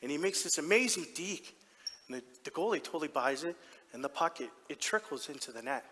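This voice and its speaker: An actor playing a doting, proud middle-aged hockey dad in a theatrical stage monologue, telling his story in an animated, heartfelt way with sudden soft drops. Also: on the high side, brisk, husky, exaggerated voice. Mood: storytelling. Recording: long theatre hall reverb.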